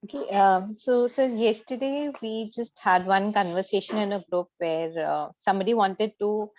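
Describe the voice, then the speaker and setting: A woman's voice: medium pitch, normal speed, a little mellow. Hesitant woman on a dull call line. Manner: hesitant, many fillers. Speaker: participant on a group call. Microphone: video call.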